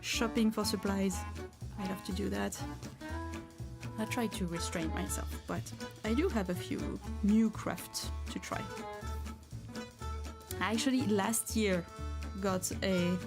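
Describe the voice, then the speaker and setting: A woman with a French accent hosts a relaxed craft livestream, answering her chat in a halting, thinking-aloud way. Her pitch sits in a middle range for a woman. Clear violin music plays behind her voice throughout. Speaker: craft streamer. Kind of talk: casual live-stream chat while beading.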